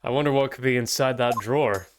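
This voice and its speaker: A man streaming a game, reading its text aloud in a relaxed, chatty way with dry asides. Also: mid-range voice, quick pace, noisy background. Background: game music.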